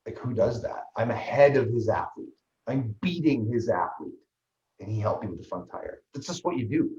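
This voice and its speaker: A man, a guest on an interview show, telling his story in a lively, fast way with many restarts. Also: mid-range voice. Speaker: guest, ultraman athlete and trainer. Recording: roomy, slightly dull sound.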